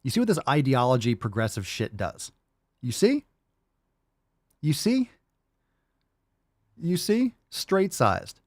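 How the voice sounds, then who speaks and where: Loud sweary guy ranting on his podcast, voice jumping all over, dry close mic. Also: medium pitch, wildly swooping pitch, slow, long pauses, no echo. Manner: brash, profane, mocking. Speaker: podcast host. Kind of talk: ranting reaction commentary.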